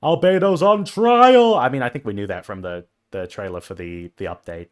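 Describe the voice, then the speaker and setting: A man streamer giving casual, gushing commentary while playing a game, an excitable fan. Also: deep voice, fairly quick.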